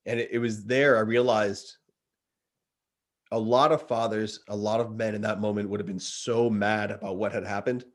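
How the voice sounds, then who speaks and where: A man in his thirties with a fairly low voice tells a story to a friend in casual chat. He is earnest and animated, and drops "dude" into his sentences. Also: moderate pace. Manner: earnest, animated retelling, says dude a lot. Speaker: guest.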